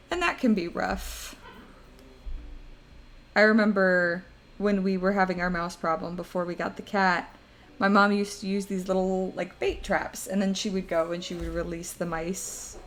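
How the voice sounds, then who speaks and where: A woman's voice: fairly low pitch, fairly even intonation, moderate pace, a bit bright. Chatty young woman streamer, laughing often. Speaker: live streamer. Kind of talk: casual chat to a live audience.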